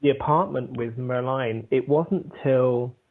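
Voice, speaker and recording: A man with an English accent, a guest in a casual call interview, chatty and candid and quick to laugh. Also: medium pitch, husky. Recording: tinny call line.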